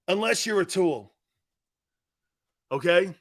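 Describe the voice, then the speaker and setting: A man hosting a sports talk show, ranting loosely and acting out his own stories with brash, animated energy. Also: fairly high pitch, unhurried, long pauses. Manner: brash, animated storyteller, acts out dialogue. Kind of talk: loose sports radio rant.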